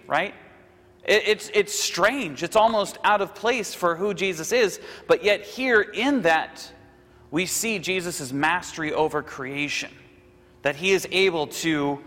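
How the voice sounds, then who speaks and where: A man's voice: sits high, a bit bright, big-room sound. A man giving a casual, conversational sermon, often checking in with "right?" and acting out the people he quotes. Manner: conversational, frequent "right?" asides, acts out quotes. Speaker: preacher.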